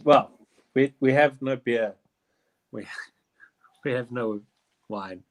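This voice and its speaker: A man's voice: medium pitch, slow pace. A man hosting a casual online quiz, reading questions aloud and riffing with jokes between them. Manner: jokey, reads questions then riffs with swearing and laughs. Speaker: quiz host.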